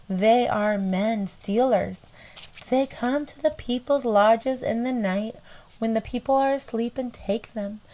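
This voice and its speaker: A woman voicing a male missionary reverend reading his letter, in a put-on American country drawl, slow and deliberate. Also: a little high, warm tone.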